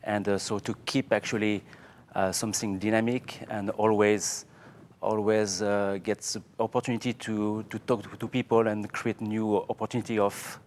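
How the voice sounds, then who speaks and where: A man from Provence with a French accent, speaking haltingly on a panel as a paint company owner. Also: fairly low pitch, level tone, darkish tone, a little hiss or hum. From south of France, Provence. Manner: halting, many fillers and restarts. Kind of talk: panel talk.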